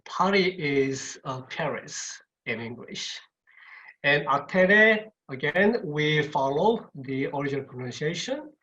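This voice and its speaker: Slow-speaking male lecturer, dull audio. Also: a little high, a bit bright. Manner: repeats words and checks in with "okay". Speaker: university lecturer. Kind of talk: online webinar lecture.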